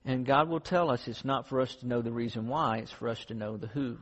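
A man preaches a sermon in an earnest, conversational storytelling style and ends with a closing prayer. His mid-range voice is fairly quick and a bit bright, captured with dull lo-fi sound in a reverberant hall.

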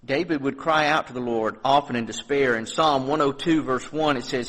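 A man's voice: medium pitch, normal speed, rough recording. A man preaching a sermon as pastor, reading scripture aloud and explaining it in an earnest, conversational way. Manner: earnest preaching, rising on scripture readings, dropping soft on reflections.

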